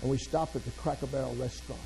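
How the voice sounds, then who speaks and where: A man's voice: mid-range voice, steady tone, fast talker, vocal fry, mellow, slight background noise, rough recording. A man giving a humorous motivational keynote speech, telling folksy stories and joking straight to the audience. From Southern United States. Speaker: motivational speaker.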